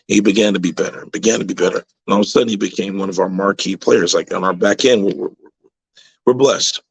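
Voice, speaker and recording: A low, gravelly male voice with a husky grain tells stories with a coach's emphatic push, often repeating words for stress. He is a high school football coach on a radio talk show. The sound is close and dry. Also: a little fast, no echo, poor audio. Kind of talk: radio interview storytelling.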